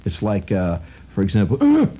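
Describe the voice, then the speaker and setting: A man's voice: lowish voice, animated, moderate pace, dull audio, slight background noise. A man hosting a radio show, delivering a wry, digressive monologue full of sardonic asides. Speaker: radio host.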